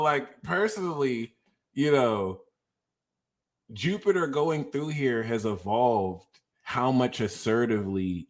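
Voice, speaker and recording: A young man hosting an astrology livestream, ranting animatedly, swinging from shouts to low mutters and swearing freely. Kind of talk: casual livestream rant.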